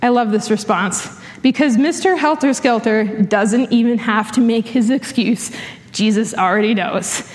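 Young woman preacher, higher voice, lively storyteller who laughs easily; echoing church hall. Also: a little slow. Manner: animated storytelling with frequent laughs. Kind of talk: sermon. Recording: long hall reverb.

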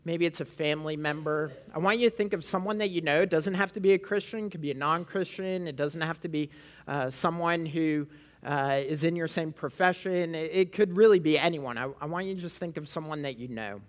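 A woman's voice: sits low, brisk. Woman preaching a conversational sermon. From Canada. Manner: conversational, frequent "right?" asides to the congregation. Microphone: amplified microphone.

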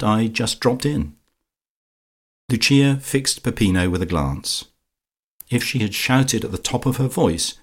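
A man with a low voice reads a classic comedic novel aloud. His narration is measured and wry, savoring the ironies of the text at an even, unhurried pace. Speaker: audiobook narrator. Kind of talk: scripted audiobook narration.

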